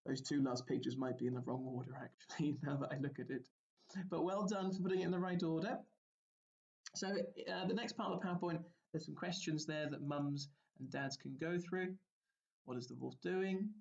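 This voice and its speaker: A man, a primary school teacher giving a recorded lesson, explaining gently and asking the children questions. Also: fairly high pitch, normal speed, creaky, lo-fi sound.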